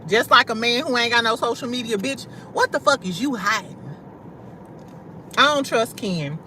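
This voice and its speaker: At a moderate pace, a young St. Louis woman chats casually with livestream viewers in a loud, bright, forceful voice that runs a bit high. She talks right to chat, laughs often and swears and uses slang freely, while faint traffic sounds in the background.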